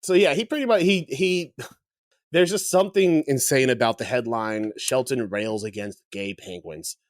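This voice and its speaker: A young man co-hosting a podcast, telling stories in a relaxed way and laughing often. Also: medium pitch, moderate pace, dry recording, studio quality. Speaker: podcast co-host. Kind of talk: casual chat.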